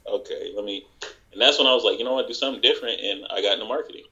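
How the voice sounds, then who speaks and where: A man guest on a podcast, telling work stories in casual chat and acting out the people he quotes in higher voices. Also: racing, bright, forceful tone, muffled recording.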